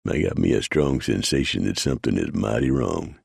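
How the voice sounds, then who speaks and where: A man's voice: rumbling low, very animated, a little fast, creaky, a little mellow, breathy edge, no room sound, studio quality, heavily acted. A man voicing a wary, plainspoken frontier scout with folksy speech.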